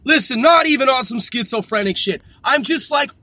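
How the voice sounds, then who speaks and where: High-voiced man in a profane rant. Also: expressive, normal speed, sharp tone, no echo. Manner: profane, exasperated, repeats himself. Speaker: vlogger. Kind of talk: ranting monologue.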